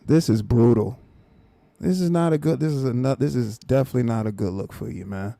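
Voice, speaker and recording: A man with a gravelly, mellow voice reacts on a live stream, repeating himself in exasperated disbelief. His sound is dry and close, with no room around it. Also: mid-range voice, fairly quick, no room sound. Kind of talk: casual reaction commentary.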